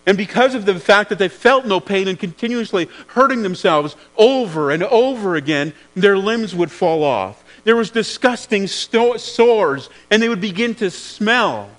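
A man's voice: high voice, lively intonation, normal speed, few pauses, fairly bright tone, rough recording. A man preaching a sermon in an earnest way, often repeating words as he searches for the phrasing.

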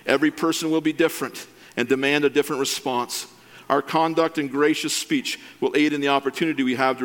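A man preaching a sermon, earnest and measured, with occasional self-deprecating asides. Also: mid-range voice, fairly bright tone. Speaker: pastor.

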